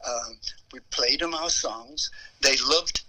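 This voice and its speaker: Bright-voiced older man. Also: medium pitch, slow, rough recording. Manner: animated storyteller who acts out voices and hums melodies. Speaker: musician guest. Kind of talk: anecdotal storytelling interview.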